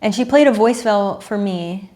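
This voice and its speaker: A woman's voice: medium pitch, normal speed, a little mellow. A woman in her thirties, a dating coach, talking earnestly and emotionally to camera, repeating herself and sighing.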